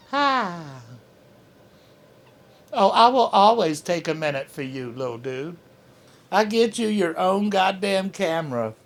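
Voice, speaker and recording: Vlog host, male, higher voice, slow profane rambling, jokey; coos at his cat. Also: vocal fry, fairly bright tone. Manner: profane, rambling, joking, talks baby talk to his cat. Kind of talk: casual rambling vlog chat.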